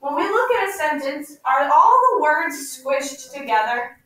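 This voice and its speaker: A woman teacher leading a class with call-and-response questions, slowing down to stress key words. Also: sits high, sing-song, fairly bright tone. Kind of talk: classroom instruction. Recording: echoey room, mic far off, faint noise.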